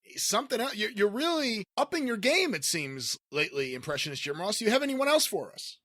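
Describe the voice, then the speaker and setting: A man's voice: sits high, very animated, a bit bright. A man hosting a comedy podcast, giggly and playful in casual chat. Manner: giggly, quick to laugh, playful. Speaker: podcast host.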